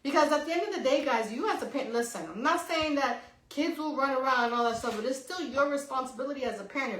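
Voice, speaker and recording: Middle-aged woman podcast co-host, bright and slightly high voice, animated and blunt, swears a lot. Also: fast talker, hardly any pauses. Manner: animated, swears freely, says "right?" often. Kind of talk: casual storytelling chat. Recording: echoey room.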